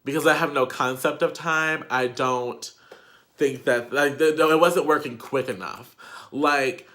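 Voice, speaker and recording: A man's voice: medium pitch, steady tone, normal speed, bright, forceful tone. A young man vlogger telling a casual storytime, chatty and profane, with lots of "like" fillers.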